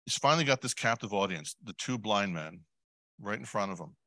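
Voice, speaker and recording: A man preaching a sermon in a conversational way, putting questions to the congregation, adding asides and clearing his throat often. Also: fairly low pitch, animated, a little fast, bright, forceful tone, dry recording. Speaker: lay preacher.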